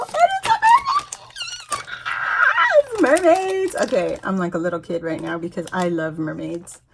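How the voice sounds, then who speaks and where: A woman's voice: lowish voice, slight background noise. A woman vlogger chatting casually as she unboxes craft supplies, gushing and exclaiming often with frequent laughter. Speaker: craft vlogger opening a giveaway package. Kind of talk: excited casual unboxing chat.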